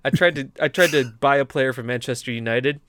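A young man co-hosting a gaming podcast, telling stories in a casual, animated, rambling way with many restarts. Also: mid-range voice, a little fast. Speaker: podcast co-host. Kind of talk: casual storytelling chat.

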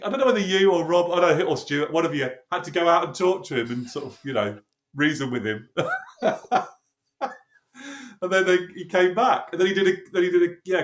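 A man with a slightly high voice recalls a recording session in casual chat. He slips into quoted voices and laughs through the tale. The sound is roomy and echoey. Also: a little fast. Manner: lively storyteller, acts out quoted dialogue, laughs often. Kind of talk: casual anecdote.

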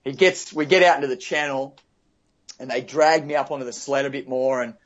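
A man's voice: mid-range voice, a little fast, lo-fi sound. A man, a guest vividly recounting a surf rescue in casual talk, with many restarts and fillers. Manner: vivid, restarts often, fills with "you know" and "like". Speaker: guest telling a surf story. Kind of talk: casual spoken storytelling.

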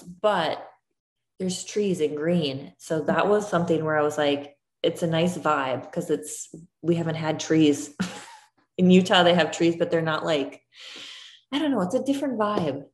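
A woman's voice: on the low side, a little mellow. A woman in her thirties chatting casually, full of "like" fillers. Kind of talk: casual chat. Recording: roomy echo.

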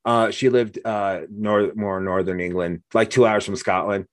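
A man's voice: lowish voice, fairly even intonation, normal speed, no echo, studio quality. An American man chatting casually as a podcast host, a jokey storyteller who acts out the voices he quotes. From United States. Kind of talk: casual conversation.

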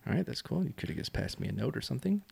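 Lively teasing male podcast co-host. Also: mid-range voice, gravelly, breathy edge. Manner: teasing, quick to mock. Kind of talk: casual podcast banter.

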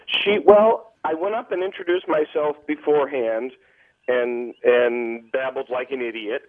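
A man's voice: medium pitch, a little slow, no echo. Chatty critic on a thin, dry phone line, trips over his words. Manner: rambling, self-deprecating, many restarts. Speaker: TV critic guest. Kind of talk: phone-in chat.

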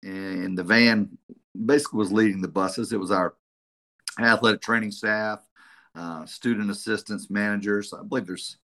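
A middle-aged man with a drawl speaks as a guest on a podcast, his low voice rough and gravelly. His tone has a bright, forceful edge, and he tells his story in an animated way, swearing casually as he goes. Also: moderate pace. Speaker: head football coach, guest.

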